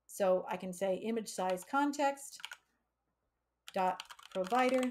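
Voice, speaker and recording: A woman hosting a live coding stream, thinking aloud as she works and explaining with everyday analogies. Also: medium pitch. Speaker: coding livestream host.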